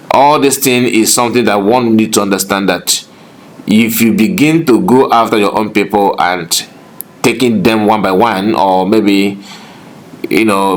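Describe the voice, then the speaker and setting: A man commenting on a clip, earnestly giving advice and sometimes repeating words as he searches for them. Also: medium pitch. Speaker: news commentator. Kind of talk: commentary to camera.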